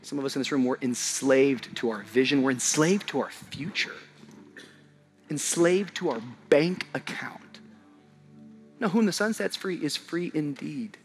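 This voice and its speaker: A young adult male pastor preaching a sermon in a church, swinging from shouted high points to quiet low passages, with humorous conversational asides to the congregation. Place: church auditorium.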